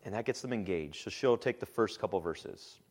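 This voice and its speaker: A man speaking as a pastor, giving a relaxed, conversational church teaching talk with frequent "um"s. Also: lowish voice, brisk, big-room sound. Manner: relaxed and conversational, with frequent "um"s and animated quoted asides.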